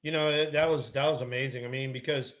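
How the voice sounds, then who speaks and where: Middle-aged male guest, lively raconteur, curses casually, muffled recording. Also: medium pitch, fast talker, crowd noise. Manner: animated, salty anecdote-telling with mild swearing. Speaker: guest, former ballplayer. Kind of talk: casual chat, storytelling.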